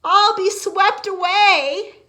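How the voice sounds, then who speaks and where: A panicky male bullfrog from a picture book cries out in a high, bright, lively voice, as a woman puts him on. He sounds miserable and stranded. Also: slow pace, vocal fry, heavily acted. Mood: panicked. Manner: pleading, cries out in distress. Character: sad worried male bullfrog, storybook hero.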